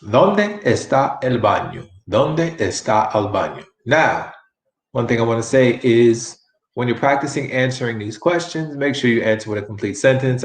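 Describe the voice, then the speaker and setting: A man teaching a Spanish lesson, speaking slowly and enunciating clearly, repeating phrases over and over. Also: fairly low pitch, roomy sound. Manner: slow, deliberate enunciation with many repetitions. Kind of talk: online language lesson.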